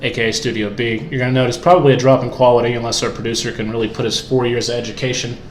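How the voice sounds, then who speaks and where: A man's voice: medium pitch, little pitch movement, very fast. A young man co-hosting a casual podcast, rambling with many fillers and restarts, recorded on a cheap USB mic at home. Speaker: podcast co-host. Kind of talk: casual chat. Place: room in his house. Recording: echoey home room, faint hiss.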